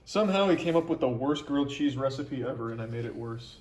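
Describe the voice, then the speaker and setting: A man's voice: medium pitch, animated, fast talker, a little mellow, low-quality recording. A man narrating his own cooking video in a dry, sarcastic and blunt way.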